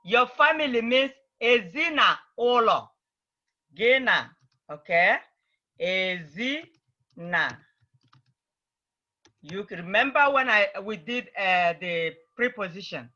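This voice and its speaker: A woman teaching an Igbo language class over a video call, patiently repeating phrases slowly for her learners. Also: mid-range voice, animated, pushed and bright, muffled recording. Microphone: computer mic on a video call.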